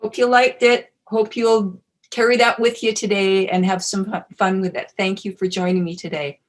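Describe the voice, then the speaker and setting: A woman presenting a wellness webinar in a relaxed, casual teaching manner, friendly and chatty with frequent fillers. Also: mid-range voice, normal speed.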